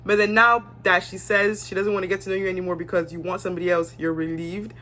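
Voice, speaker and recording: A woman's voice: on the low side, level tone, fast talker, pushed and bright. Young woman, casual and blunt, talks straight to camera with her own opinions. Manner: chatty, candid, acts out cast members' lines. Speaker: reality show reviewer.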